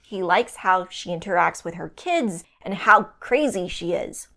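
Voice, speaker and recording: A woman's voice: on the low side, lively intonation, unhurried, gravelly, bright, forceful tone. A woman co-hosting a recap podcast, reading a scripted summary with wry asides. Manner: wry, laughs between lines.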